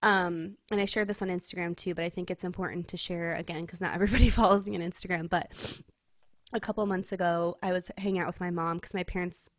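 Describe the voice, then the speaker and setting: A young woman from California tells a personal story on a podcast in a casual, heartfelt way. She leans on "like" and laughs often as she talks. Her voice sits a little low, and the sound is dry and close. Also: steady tone, quick pace, no room sound. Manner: chatty storytelling, heavy use of "like", laughs often. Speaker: podcast co-host.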